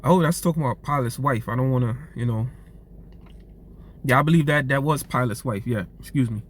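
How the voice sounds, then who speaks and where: A man's voice: mid-range voice, fairly quick, a little hiss or hum. A man preaching informally and reading scripture aloud, in a loose, profane street-talk manner, tagging phrases with "man" and restarting words, his voice getting strained.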